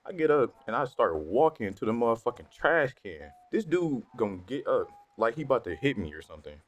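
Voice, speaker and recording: A young man telling a story from his school days in a casual, slangy and profane way that turns animated when he gets worked up. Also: medium pitch, brisk, lo-fi sound. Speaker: storytime vlogger. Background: faint background music.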